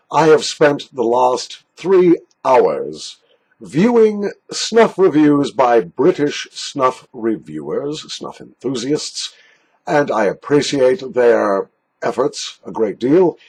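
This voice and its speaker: A man's voice: slightly rough, rough recording. A man reviewing snuff in a casual, jokey, self-mocking monologue from a basement. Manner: jokey, self-mocking, lively pitch swings. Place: basement room.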